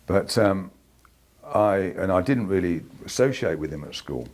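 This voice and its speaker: An older man from England telling an anecdote in a soft-spoken, hesitant way. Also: sits low, animated, normal speed. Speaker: interviewee, band member. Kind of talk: casual storytelling.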